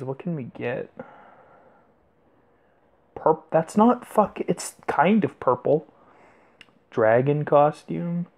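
The recording is lo-fi, and the young man's voice is fairly high-pitched. He's a gameplay commentator doing casual let's-play commentary on a mobile game, swearing heavily and laughing in disbelief.

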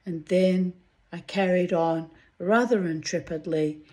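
A woman, reading her old diary entries aloud to her viewers and breaking off into candid, chatty asides, clearing her throat now and then. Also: fairly low pitch, unhurried, darkish tone. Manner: candid, muses aloud, swears freely, frequent throat-clearing.

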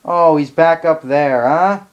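A man's voice: on the high side, slow pace, highs cut off. A man giving live gameplay commentary as a channel host, ranting in exasperated outbursts while annoyed.

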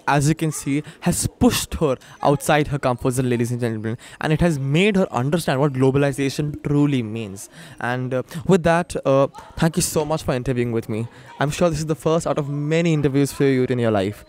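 A man's voice: mid-range voice, darkish tone. A young man, hosting interviews in a theatrical showman style and turning to the audience often. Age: young adult. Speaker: host interviewing contestants.

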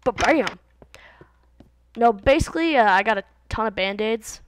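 This time the teenage gaming host's voice is fairly high, brisk and smooth with lively intonation and no echo. She rambles playfully through casual let's-play commentary, jumping topics, on a low-set computer mic with game sounds behind her.

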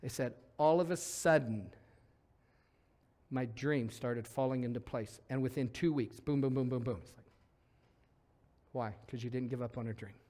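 A man preaching a lively sermon as pastor in a church, acting out voices as he goes. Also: medium pitch, moderate pace, long pauses. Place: church sanctuary.

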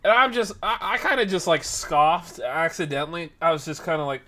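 A man's voice: a little high, moderate pace. Brief: young male streamer, chatty storyteller, does voices for the people in his anecdotes. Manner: animated, acts out quoted people. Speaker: streamer and podcast host. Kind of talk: casual storytelling chat.

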